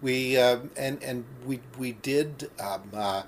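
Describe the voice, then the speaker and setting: A man in his sixties from Canada, a pianist telling stories casually in an interview, halting and full of fillers. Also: medium pitch, slight background noise. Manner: halting, many fillers and restarts. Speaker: pianist, part of a duo.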